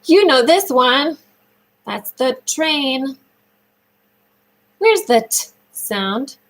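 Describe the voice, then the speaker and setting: A woman speech therapist leading a children's sound lesson, praising often and drawing out words slowly in a sing-song way. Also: sits high, big pitch swings, low-quality recording.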